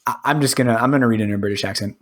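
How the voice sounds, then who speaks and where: A man's voice: mid-range voice, very fast. A man co-hosting a casual podcast, playful and laughing often. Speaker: podcast co-host.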